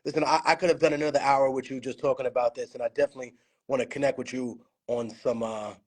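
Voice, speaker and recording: Speaking at a quick pace with a breathy edge, this man has a medium-pitched voice and fairly even intonation. He's a livestream host broadcasting casually from his home studio over a phone, telling stories in a loose, profane way, his words slurring at times because of a bad connection.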